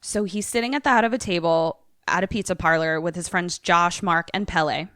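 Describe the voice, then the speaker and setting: A woman podcast co-host casually retelling a film's plot, animated and profane, slipping into quoted voices. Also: fairly low pitch, a little fast, no echo, studio quality.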